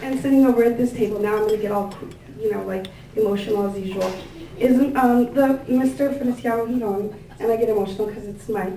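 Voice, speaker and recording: A woman giving a thank-you speech at a gathering, introducing guests with warm, gushing words and many fillers. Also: a little high, a little fast, some chatter behind. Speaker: event organizer introducing staff and guests. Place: large indoor room with tables. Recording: echoey room, picked up from a distance, faint ambient noise.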